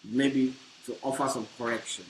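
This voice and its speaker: A man's voice: mid-range voice, steady tone, normal speed. Emphatic preaching man, echoey room. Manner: emphatic preaching, rising to loud bursts. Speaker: pastor. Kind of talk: marriage teaching sermon. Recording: echoey room with faint hiss.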